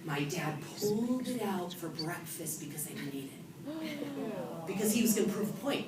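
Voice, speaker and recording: A woman from California gives a humorous motivational talk to an audience, telling stories about herself with a lively, self-mocking manner. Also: fairly low pitch, normal speed, over a noisy crowd. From California, USA. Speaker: author and event speaker. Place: event hall with an audience. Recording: echoey room from a distant mic with noise.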